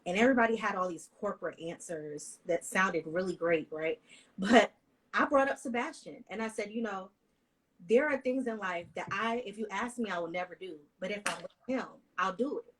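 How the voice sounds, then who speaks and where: A woman on a discussion panel telling a heartfelt personal story with animated, emotional delivery. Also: mid-range voice, normal speed, breathy edge, rough recording.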